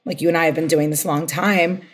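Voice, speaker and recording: Passionate woman with a husky voice. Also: deep voice, fast. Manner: energetic, passionate, gets fired up. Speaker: guest, social media strategist. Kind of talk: podcast interview.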